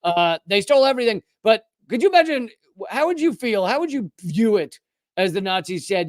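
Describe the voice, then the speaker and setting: A man's voice: high-pitched, very animated, fairly quick, dry recording. A man hosting political commentary, speaking in an indignant, sarcastic way.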